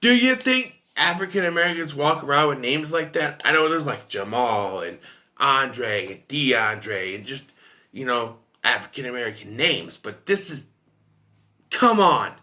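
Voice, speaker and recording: A man's voice: mid-range voice, expressive, unhurried, sharp tone. A man giving a casual, rambling and opinionated film review to camera.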